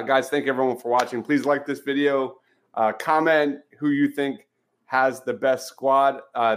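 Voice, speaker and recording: A man on a sports podcast panel, plugging his shows in a rambling, filler-heavy way. Casual talk among friends. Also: medium pitch.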